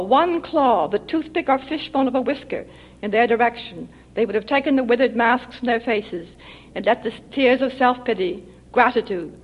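A woman reads her own short story aloud at a public reading, with measured, expressive phrasing. Her voice sits somewhat high. The recording is dull and lo-fi, like old archival tape.

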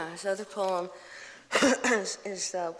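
A woman poet giving a live poetry reading in a slow, measured, rhythmic recitation. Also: medium pitch, steady tone, fairly bright tone. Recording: long hall reverb.

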